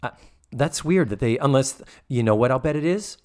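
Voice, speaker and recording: Male podcast co-host, lively sitcom recap, swings wide in pitch, salty. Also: moderate pace. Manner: animated, acts out quotes, swears freely. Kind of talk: casual chat recapping a sitcom episode.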